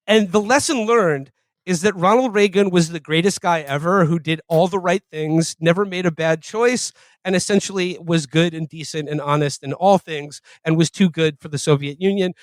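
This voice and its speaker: A man's voice: sits high, dry recording. A man co-hosting a comedy podcast, riffing sarcastically in casual chat. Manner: riffing, sarcastic, slips into mock voices. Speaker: podcast host.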